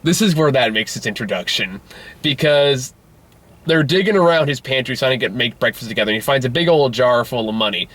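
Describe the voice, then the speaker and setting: A man's voice: mid-range voice, animated, brisk, fairly bright tone. A young man in casual chat, reviewing a movie with jokes, laughs and acted-out quotes. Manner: joking, acts out quotes, laughs often.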